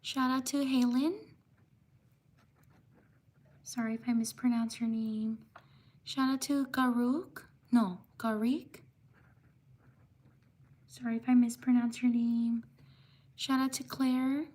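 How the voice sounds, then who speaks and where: A livestream host reads viewer names from the chat slowly and steadily, pausing between shout-outs and apologizing when she mispronounces names. Her voice sits high and stays level with little rise and fall.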